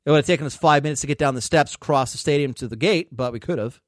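A man's voice: on the high side, fast, no echo, clean studio sound. A male podcast host telling a casual, profane story, often quoting others in a raised voice.

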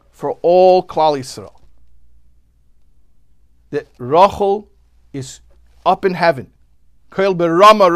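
A man teaching a sermon, swinging from hushed storytelling to loud, impassioned outbursts and translating Hebrew phrases line by line. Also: a little high. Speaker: Torah teacher.

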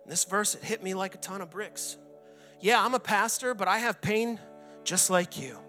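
Bright-voiced pastor giving an earnest sermon. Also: male voice, high-pitched, normal speed, faint music behind. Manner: earnest personal testimony, reenacts his own anguished shouting prayers. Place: church sanctuary.

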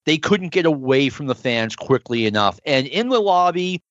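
A man's voice: on the high side, big pitch swings, normal speed, no echo. A man in casual chat, enthusiastic, sharing memories and asking questions. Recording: dry, dull lo-fi sound.

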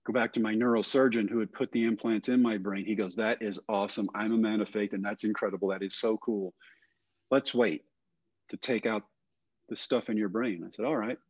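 An older man telling a personal story in a podcast interview, earnest and plain-spoken, often trailing off softly. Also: lowish voice, fairly even intonation, fairly quick, husky, no room sound. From Texas. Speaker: guest. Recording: dull, dry, lo-fi audio.

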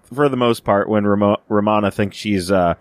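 Clean studio sound, no echo: a man with a fairly low voice talks at a normal pace while co-hosting a podcast. He reviews a TV episode in a casual, rambling way, full of fillers and restarts, and acts out the lines he quotes.

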